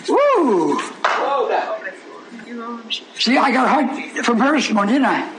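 A man's voice: very high voice, a little fast, a crowd in the background. A man preaching a sermon, pressing his listeners with repeated rhetorical questions and laughing often as he goes. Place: church before a congregation. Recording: echoey room with a responding congregation.

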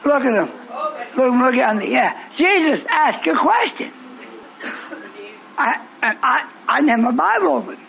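A man preaching a sermon in a church, fervent, breaking into shouts and teasing the congregation. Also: extremely high pitch, big pitch swings, measured pace, creaky, long pauses, poor audio.

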